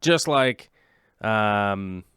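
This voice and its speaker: A man's voice: fairly low pitch, lively intonation, extremely slow, a bit bright, clean tone, dry recording, clean studio sound. A man in his late thirties hosting a casual aquarium livestream, rambling and joking with his viewers. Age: late 30s. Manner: rambling, jokey, chats with viewers.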